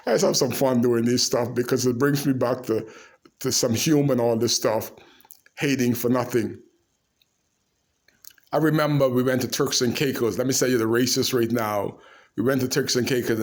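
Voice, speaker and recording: A man telling animated, laugh-filled anecdotes to the camera in a casual way. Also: mid-range voice. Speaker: storyteller.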